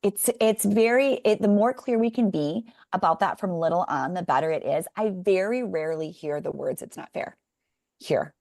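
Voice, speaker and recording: Middle-aged woman podcast guest, mid pitch with creaky fry, dry close mic, animated storyteller. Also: moderate pace, hardly any pauses, dry recording. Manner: animated storyteller, talks through examples. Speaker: podcast guest, parenting author. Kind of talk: conversational interview.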